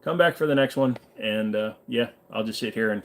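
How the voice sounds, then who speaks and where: A man's voice: on the low side, a little fast, gravelly, fairly bright tone. A tired man hosting a livestream in a casual, laid-back way, reading viewer comments aloud and answering them. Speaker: livestream host.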